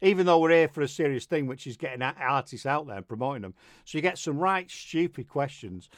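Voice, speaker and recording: Man, radio host, jokey, rambling, higher voice, dry sound. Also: lively intonation, a little fast, dry recording. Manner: jokey, rambling, laughs often. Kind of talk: casual chat.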